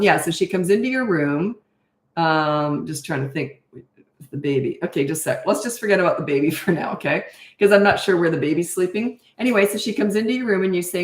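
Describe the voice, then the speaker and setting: A woman's voice: lowish voice, echoey room. A woman in her sixties, a parenting coach answering questions in a casual livestream, telling stories in a chatty way with fillers and laughs. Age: 60s.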